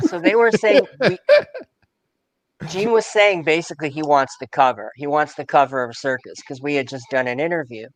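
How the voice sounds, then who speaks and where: A woman's voice: low voice, moderate pace, dry recording, poor audio. A woman on a podcast panel telling a chatty anecdote full of asides about her old magazine work. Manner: chatty, digressive explanations. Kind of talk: casual anecdote.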